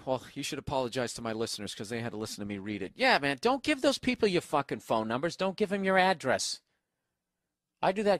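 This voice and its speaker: A man's voice: mid-range voice, sing-song, fast talker, a bit bright, dry recording, studio quality. A man hosting a comedic podcast from a hotel room on a single microphone, reading out a listener email in a profane, sarcastic rant. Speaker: podcast host. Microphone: single microphone, no headphones.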